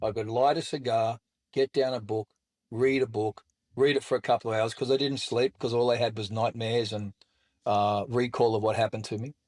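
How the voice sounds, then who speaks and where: A man's voice: mid-range voice, fairly even intonation, normal speed, a little mellow. Blunt man telling his story. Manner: blunt and colorful, with mild swearing. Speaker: guest, author and speaker. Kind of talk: candid storytelling in conversation.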